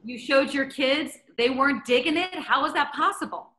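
Woman entertainment interviewer, bright high voice, upbeat gushing questions. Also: normal speed, a little hiss or hum.

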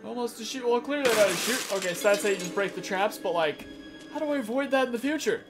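An excitable let's-play commentator who keeps up a joking running banter with the viewer and yelps and curses at every jump scare. The voice sits at an ordinary middle pitch, with game music playing clearly underneath throughout. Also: fast talker. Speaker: gameplay commentator.

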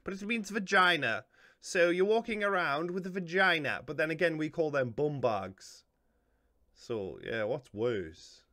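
A man's voice: fairly high pitch, animated, a little slow, fairly bright tone, no room sound, clean studio sound. A man with a Geordie accent, hosting a casual reaction video, rambling and joking at his own expense, and tired. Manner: joking, self-deprecating, rambling.

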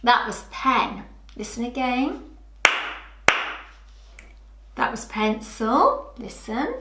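A woman teaching a lesson to young children, speaking slowly and clearly in an encouraging, sing-song way. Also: on the high side, very animated, reverberant, very noisy. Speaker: early years teacher.

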